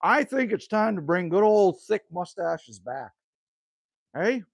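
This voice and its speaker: Older Canadian man, livestream host, high lively voice, dry close sound, chatty with viewers. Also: slow pace, vocal fry, dry recording. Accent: Canadian, with bits of Newfoundland. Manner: chatty, reads out viewer names and answers them. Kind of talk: casual livestream chat with viewers. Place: cabin woodshed.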